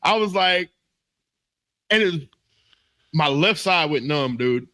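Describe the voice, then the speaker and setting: A man co-hosting a comedy podcast, telling a story in an animated, laughing way and acting out his own panicked voice. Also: on the high side, slow pace, no echo. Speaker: podcast co-host.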